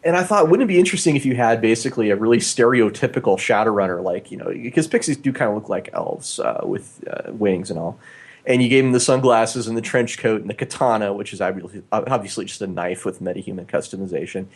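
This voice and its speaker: A man's voice: lowish voice, animated, fast talker, breathy edge. A man co-hosting a casual podcast, rambling with lots of filler words and restarts, on a studio microphone in a small home studio. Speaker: podcast co-host. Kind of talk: casual chat. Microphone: new studio microphone.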